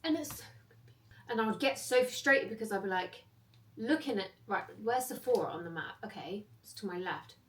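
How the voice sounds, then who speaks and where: A woman's voice: medium pitch, a little fast, a bit bright, far from the mic. A young woman from chatting casually to her phone camera, self-mocking and rambling as she tells stories. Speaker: vlogger. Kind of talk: casual vlog chat.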